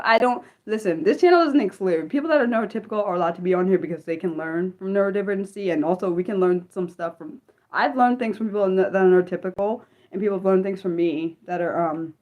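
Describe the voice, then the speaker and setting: A young woman hosting an unscripted livestream, chatting excitedly with viewers and answering chat, with lots of fillers and restarts. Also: fairly low pitch, narrow, tinny audio. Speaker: livestream host.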